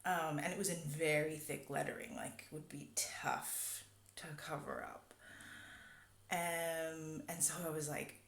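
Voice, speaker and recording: A woman's voice: low-pitched, steady tone, moderate pace. Woman telling a rambling story. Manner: rambling, many fillers. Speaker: vlogger. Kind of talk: casual storytelling. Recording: echoey room.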